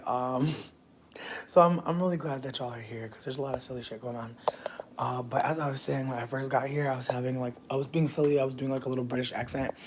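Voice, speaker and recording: A woman livestreaming from home, chatting loosely and playfully with viewers. Her storytelling is profane and animated, with a faint hiss of background noise. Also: very deep voice. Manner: starts in a soft whisper, then grows loud. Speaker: livestream host. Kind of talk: casual livestream chat.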